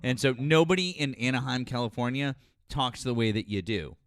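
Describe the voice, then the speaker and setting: A man's voice: medium pitch, normal speed, a bit bright, no room sound. A male host in casual call-in chat, teasing and mocking the caller.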